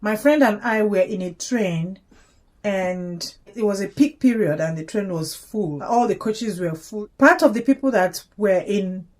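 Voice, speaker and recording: A woman hosting a reaction video, explaining calmly and reassuringly. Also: medium pitch. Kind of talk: reaction commentary.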